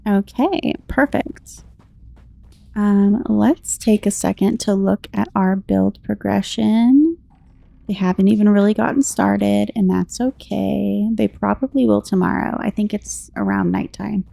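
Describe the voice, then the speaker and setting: An American woman giving relaxed, rambling commentary while playing a game, chatting to her viewers. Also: medium pitch, measured pace, gravelly, no room sound. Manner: chatty, rambling, reads game text aloud. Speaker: gameplay commentator.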